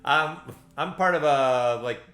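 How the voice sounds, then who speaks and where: A man's voice: a little high, takes it slowly, echoey room, faint music behind. A man from Central Florida hosting a ukulele play-along show, chatting casually between songs with lots of ums and uhs. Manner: relaxed, rambling, many ums and uhs.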